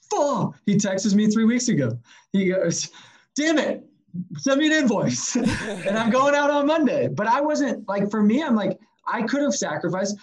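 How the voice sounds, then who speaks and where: Man, podcast guest, lively storyteller, acts out quotes, casual swearing. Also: high-pitched, poor audio. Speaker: podcast guest, sales consultant.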